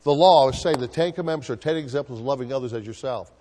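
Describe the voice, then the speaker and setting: A man preaches to his congregation, asking them to fill in the verses and answer back. His voice sits at a middling pitch and rings out with long reverb, as in a church sanctuary. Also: fast, dark tone. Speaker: pastor. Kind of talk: sermon.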